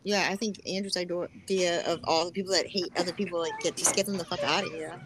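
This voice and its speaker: A woman's voice: on the low side, steady tone, quick pace, noisy background. A woman with a Boston accent in casual podcast chat, blunt and swearing freely. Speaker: podcast co-host.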